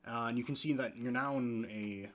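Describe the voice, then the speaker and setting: Male game master, mid-pitch, hesitant narration with many fillers. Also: normal speed.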